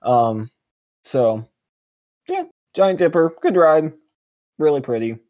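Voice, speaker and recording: A man co-hosting a casual podcast, chatting in a jokey, animated way with sudden excited jumps in pitch. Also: slow. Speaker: podcast co-host. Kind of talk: casual chat.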